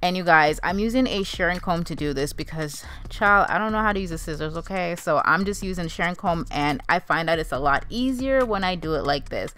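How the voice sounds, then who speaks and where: A woman's voice: lowish voice, animated, fairly quick, hardly any pauses, a bit bright, slight background noise. A young woman narrating a wig tutorial in a casual, chatty way, calling her viewers "you guys" and "honey". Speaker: beauty vlogger.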